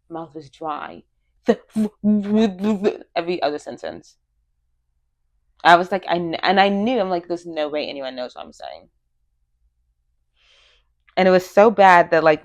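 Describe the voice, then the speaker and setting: A woman in her twenties chatting casually to her viewers, candid and chatty, swearing freely and laughing often. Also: sits low. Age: 20s. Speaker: vlogger. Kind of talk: casual chat to the camera.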